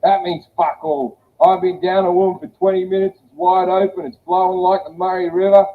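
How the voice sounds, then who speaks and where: A man's voice: sits high, level tone, a little fast. A man performing a blunt, profane stand-up comedy set. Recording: tinny phone-like audio with faint hiss.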